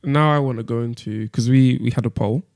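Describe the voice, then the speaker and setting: A young man hosts a casual podcast chat and presses his co-hosts with steady, persistent questions. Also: mid-range voice, brisk. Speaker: podcast host leading discussion.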